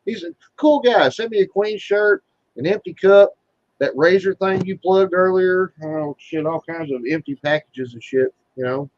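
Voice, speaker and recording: Speaking at a moderate pace in a high voice, a man being interviewed chats casually, rambling through his stories and cursing nonstop. Dull, dry lo-fi audio.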